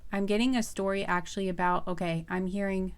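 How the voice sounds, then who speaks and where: A woman's voice: mid-range voice, fairly even intonation, fairly quick, clean tone. A woman giving a casual pick-a-card tarot reading to her viewers, chatty and earnest, with many fillers and restarts.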